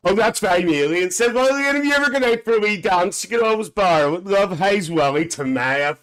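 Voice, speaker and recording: A man's voice: high-pitched, lively intonation, moderate pace, a bit bright. A man doing a cackling Northern Irish aunty. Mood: cheeky. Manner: chatty, bawdy, cackles constantly. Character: cheeky gossipy Northern Irish aunty, woman. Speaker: live-stream host. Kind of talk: live-stream banter in character.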